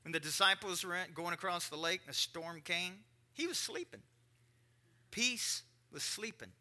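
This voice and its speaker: A man preaching a conversational sermon, repeating lines and swinging between quiet and emphatic delivery. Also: high-pitched, animated, moderate pace. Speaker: pastor.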